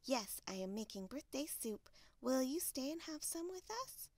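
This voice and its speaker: A woman voicing an eager little male bear cub in a storybook read-aloud, with a high, sing-song manner. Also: animated, moderate pace, darkish tone, dry recording.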